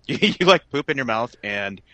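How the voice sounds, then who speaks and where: A male podcast co-host in casual comedic chat, riffing crudely and excitably. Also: mid-range voice, takes it slowly, dry recording.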